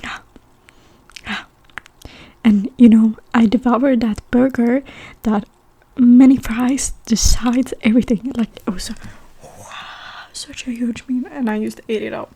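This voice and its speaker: A young woman from Sweden chats in a breathy whispered role-play between bites of food, her nose stuffed up. Her voice sits a little high and sounds dark and mellow. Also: fairly even intonation, a little slow. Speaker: mukbang ASMR creator.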